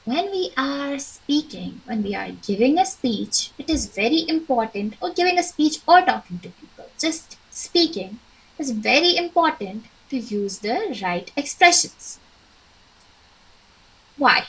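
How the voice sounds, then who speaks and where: A young woman with an Indian English accent teaching an online English class, speaking slowly and clearly with encouraging, acted examples. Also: sits high, sing-song, fairly bright tone, rough recording.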